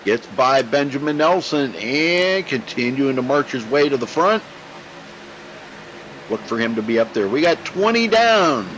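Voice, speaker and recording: Male play-by-play caller, folksy and chatty, steady mid pitch, over background noise. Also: unhurried, dull audio. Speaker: race commentator. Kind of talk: sim racing broadcast commentary.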